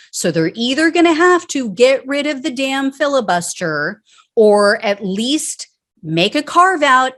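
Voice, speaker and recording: A woman's voice: a little high, fairly bright tone. A woman hosting her own political commentary show, ranting angrily and bluntly with plenty of profanity. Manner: mocking impressions of politicians. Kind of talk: solo political commentary rant.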